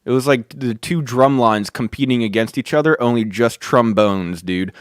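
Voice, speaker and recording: Excitable man telling a story, dry sound. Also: medium pitch, normal speed, no room sound. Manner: excitable, swears, keeps saying "dude". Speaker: podcast host. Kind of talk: casual storytelling.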